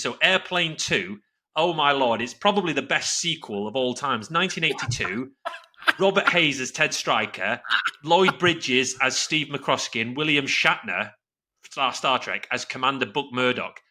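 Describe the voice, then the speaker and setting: A man's voice: mid-range voice, lively intonation, moderate pace, sharp tone. A man in his forties co-hosting a podcast, chatting casually and rambling with many restarts. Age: 40s. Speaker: podcast co-host. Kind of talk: casual chat.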